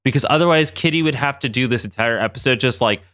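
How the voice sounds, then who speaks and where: A man's voice: medium pitch, fast talker, fairly bright tone, no room sound, studio quality. A man co-hosting a podcast, casually recapping a cartoon episode, laughing and acting out the characters' lines. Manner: swearing, hesitant restarts. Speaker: podcast co-host.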